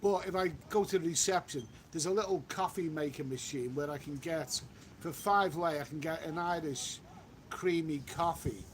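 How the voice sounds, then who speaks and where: A chatty man with a high voice hosts a casual live-stream chat while walking outside. As a travel vlogger reading the live chat, he reads comments aloud and repeats himself, speaking at normal speed with a little hiss or hum in the background.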